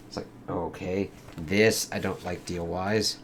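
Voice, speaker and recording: A man's voice: low voice, fairly even intonation, takes it slowly, slight background noise. A man giving a loose, casual comic book review, swearing freely and reacting as he reads. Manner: loose, swears, lots of "it's like". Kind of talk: casual review with read-aloud excerpts.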